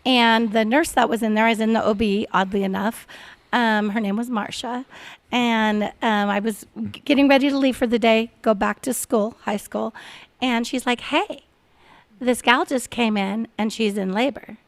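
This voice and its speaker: A woman in her forties telling a story on a podcast in a casual, animated way, laughing often and acting out the voices of the people she quotes. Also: on the high side, moderate pace. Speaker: podcast guest.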